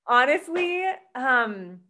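A woman hosting a podcast, asking questions and chatting in a relaxed, casual way. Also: high voice, drawn-out words, slight background noise. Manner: relaxed, asks questions loosely. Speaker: podcast host. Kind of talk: casual interview chat.

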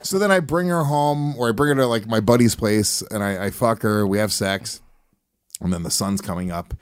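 A man's voice: fairly low pitch, normal speed, clear, resonant tone, no echo, clean studio sound. A man hosting a podcast, telling crude rambling stories in casual chat, swearing often. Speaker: podcast host.

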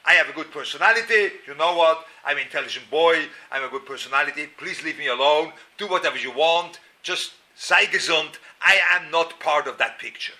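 A middle-aged man from Switzerland, giving an animated, self-mocking storytelling lecture at a Torah class, repeating words and breaking into sudden loud outbursts. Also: fairly high pitch, a little fast, hardly any pauses.

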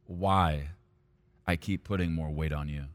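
A male pastor preaching a sermon, at times rising to loud, high-pitched intensity. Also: fairly even intonation, unhurried.

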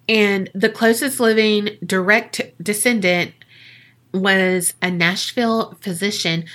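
Woman podcaster telling a spooky story, swears a lot, says like constantly, bright voice, takes her time. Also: mid-range voice. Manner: profane, joking, lots of "like". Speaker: podcast host. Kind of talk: casual storytelling chat.

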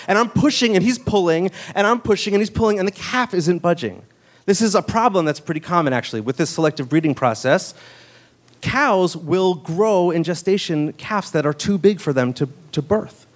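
A man telling a true story on stage, conversational and full of "like" fillers and quick asides. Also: high-pitched, animated. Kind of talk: live storytelling.

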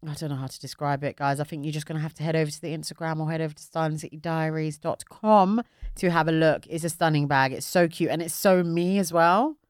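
A woman's voice: low voice, fairly even intonation, fast talker, no room sound, clean studio sound. A young woman co-hosting a podcast in a playful, chatty way, often laughing. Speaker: podcast co-host. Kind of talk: casual chat.

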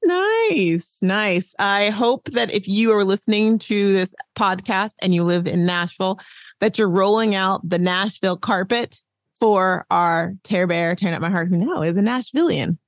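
A woman's voice: mid-range voice, a little slow, no room sound, studio quality. Upbeat chatty woman podcast host. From Arizona. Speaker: podcast host and social media coach. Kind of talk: casual podcast chat.

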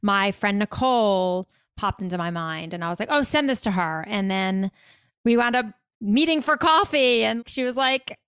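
A woman co-hosting a podcast, chatting casually and telling stories in an effusive, quick way, full of "like"s. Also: mid-range voice, expressive, a bit bright, smooth, no echo, studio quality. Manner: effusive, quick storytelling with many "like"s. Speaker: podcast co-host. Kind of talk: casual chat.

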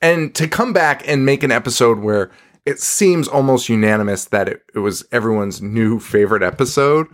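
A man in his thirties is co-hosting a podcast in loose, casual conversation. His voice swings widely in pitch as he talks. He swears freely and laughs often. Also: animated, moderate pace. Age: 30s. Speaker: podcast co-host. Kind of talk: casual chat.

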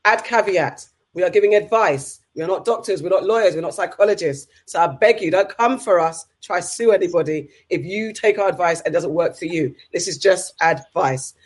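A woman's voice: fairly low pitch, husky. Upbeat woman co-hosting a chat show. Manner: brisk, upbeat, reads viewer comments aloud. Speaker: podcast co-host. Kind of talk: casual chat, reading out comments.

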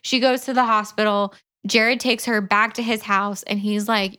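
A woman co-hosting a podcast, briskly retelling a book's plot in casual chat with quick asides. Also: mid-range voice, level tone, bright, forceful tone, clear, resonant tone. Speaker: podcast co-host. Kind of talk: casual book-review chat.

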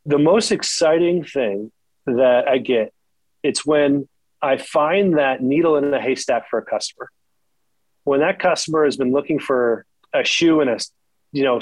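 A man's voice: fairly high pitch, normal speed, no echo, poor audio. A man who works as a shoe salesperson, speaking in an earnest, heartfelt way and repeating words when he is moved. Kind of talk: emotional conversational interview.

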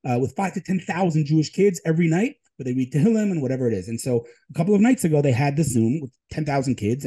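A man in an interview, a tech advisor telling emphatic, animated stories. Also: fairly high pitch, husky, rough recording. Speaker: guest, tech advisor and Israel advocate. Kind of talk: storytelling interview talk.

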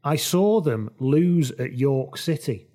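A man hosting a casual football podcast, telling lively, jokey anecdotes. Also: medium pitch, takes it slowly. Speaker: podcast host.

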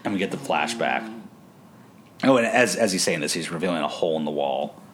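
A man's voice: low voice, animated, fairly quick, a little hiss or hum. A man co-hosting a podcast, chatting casually as he recaps a TV episode, laughing and acting out quotes in funny voices. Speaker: podcast co-host.

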